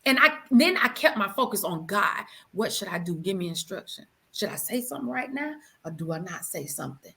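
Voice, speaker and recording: A woman guest telling the story of her marriage with animation and feeling, calling her listener "girl" and dropping to hushed tones at solemn moments. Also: medium pitch, sing-song, brisk, creaky, hardly any pauses. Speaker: guest sharing her testimony. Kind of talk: emotional personal storytelling.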